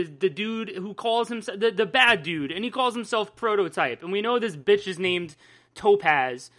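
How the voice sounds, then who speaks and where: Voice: mid-range voice, a bit bright. A podcast host in casual chat, rambling loosely and swearing freely.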